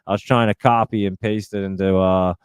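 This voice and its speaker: A man's voice: fairly low pitch, fairly even intonation, brisk, smooth, dry recording, studio quality. A man hosting a live stream, chatting casually and rambling as he reads out and answers viewer comments.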